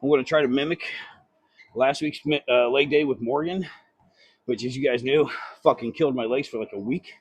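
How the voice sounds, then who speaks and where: A fitness vlogger talks into a phone held close while on an incline treadmill at the gym after a workout, out of breath and chatting casually. His medium-pitched voice is fairly quick and slightly rough, with no echo and the highs cut off. He rambles, swears, and pokes fun at himself.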